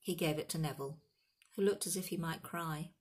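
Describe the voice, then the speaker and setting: Female audiobook reader, low and husky, narrates and voices the characters. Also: brisk. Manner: reads aloud, does character voices. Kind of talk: audiobook reading.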